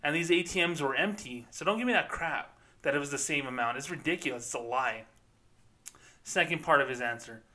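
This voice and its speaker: A male podcast host rants sarcastically about banking, swearing along the way and drawing on his past as a bank employee. His voice is on the high side, bright and forceful, and he talks a little fast.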